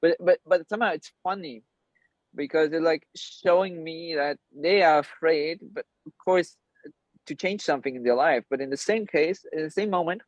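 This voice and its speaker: A German-speaking men's coach, appearing as a guest on a casual video-call interview, talks at a moderate pace in a voice on the high side. He is blunt and rambling, animated and swearing freely, and the call audio sounds dull and dry.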